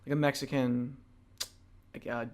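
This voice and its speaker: A man's voice: mid-range voice, flat delivery, moderate pace, darkish tone. A young man co-hosting a casual podcast, rambling through stories with many fillers and frequent laughs. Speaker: podcast co-host. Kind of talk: casual chat.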